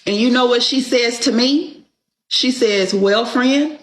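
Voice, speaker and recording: A woman's voice: a little high, steady tone, unhurried. Emphatic woman venting, echoey room. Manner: emphatic, profane, keeps asking "okay?". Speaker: guest telling her story. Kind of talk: casual storytelling.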